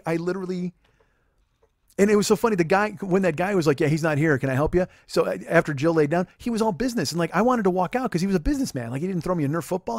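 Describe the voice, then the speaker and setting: A fast-talking man in his forties tells a rambling, profane comedic story about himself. His voice sits a bit high and comes through dry and close to the mic. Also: no room sound. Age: 40s. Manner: profane, rambling, self-deprecating. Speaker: podcast host.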